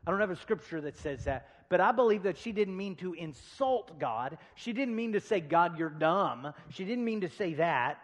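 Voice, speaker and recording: A man's voice: high-pitched, animated, normal speed, hardly any pauses. Preaching man in a reverberant hall. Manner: dynamic preaching, swinging between loud emphasis and quiet asides; humorous storytelling asides. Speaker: pastor. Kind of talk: sermon. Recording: long reverb of a large hall.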